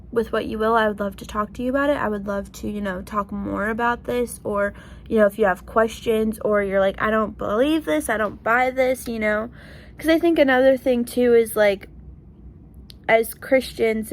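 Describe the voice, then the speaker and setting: A young woman speaks in a slightly high voice at normal speed, vlogging in a heartfelt, casual way. She's earnest and emotional, and her talk is sprinkled with lots of "like" and "you know".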